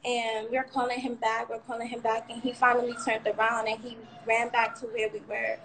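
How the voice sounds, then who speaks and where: A woman's voice: on the high side, level tone, a little fast, gravelly, fairly bright tone, a little hiss or hum, rough recording. A young woman telling a candid, rambling personal account of a frightening ordeal on a livestream, cursing now and then. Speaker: shooting survivor sharing her story.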